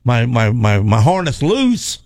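A man's voice: medium pitch, sing-song, a little slow, darkish tone, no echo, studio quality. Rambling man telling stories. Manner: rambling storyteller, repeats words, laughs. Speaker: race car driver telling stories. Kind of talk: casual chat.

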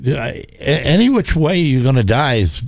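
A man telling a racing crash story in casual chat, animated and repeating words as he goes. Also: mid-range voice, moderate pace, no room sound. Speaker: former race car driver telling stories.

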